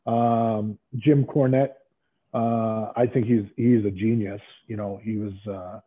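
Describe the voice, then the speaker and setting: A middle-aged man telling stories as an interview guest, animated and acting out other people's lines. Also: lowish voice, slow, slightly rough. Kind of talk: casual storytelling interview. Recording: tinny phone-like line.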